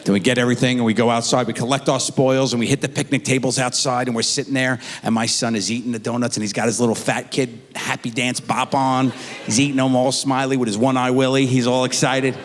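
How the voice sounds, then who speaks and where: A middle-aged man telling a stand-up comedy story on stage, acting out his kids in high squeaky voices. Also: flat delivery, fast talker. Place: theater stage before a live audience. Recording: stage mic in a large reverberant hall.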